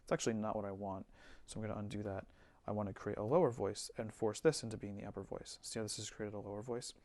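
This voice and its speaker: A man giving a relaxed screen-recorded music software tutorial, thinking aloud with fillers as he works. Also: lowish voice, fast talker, dry recording. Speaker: music teacher.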